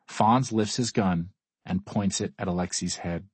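A man's voice: deep voice, a little slow, husky, no echo. A man reading a first-person audiobook in a wry, dry way. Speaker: audiobook narrator. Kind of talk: scripted first-person narration.

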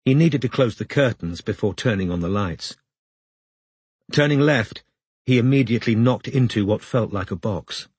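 Brief: male audiobook narrator, lowish, husky voice, dry studio sound. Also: normal speed, darkish tone, no echo.

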